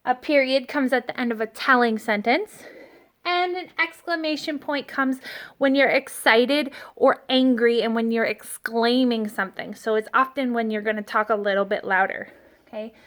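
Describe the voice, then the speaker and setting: Young kindergarten teacher lady, high voice, slow and gentle, talking to little kids thru a phone in an empty classroom. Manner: gentle, slow and encouraging, talks to small children. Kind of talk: remote lesson to young children. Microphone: phone set down in front of her.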